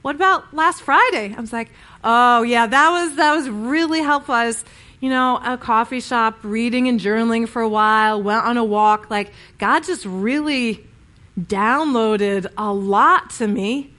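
A woman preaching a sermon in a relaxed, conversational way. Her voice sits a little high for a woman. She tells stories and often restarts her sentences. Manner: conversational storytelling with many restarts.

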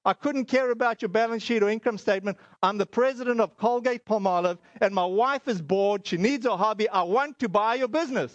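A man's voice: sits high, fairly quick, hardly any pauses, no echo, muffled recording. A middle-aged man from South Africa giving a spoken testimony sermon, telling his story with many fillers and acted-out dialogue. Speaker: speaker.

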